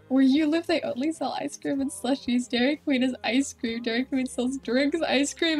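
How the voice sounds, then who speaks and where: A woman's voice: high voice, a little slow, long pauses, soft background music. A woman with an Australian accent, a streamer chatting casually and rambling animatedly while she plays a game. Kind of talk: casual chat while gaming.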